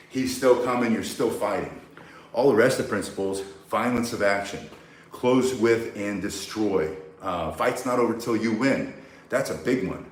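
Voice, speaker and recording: A man's voice: lowish voice, normal speed. A man teaching self-defense, bluntly and emphatically walking through each move step by step. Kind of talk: instructional demonstration. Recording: very echoey, mic far from speaker.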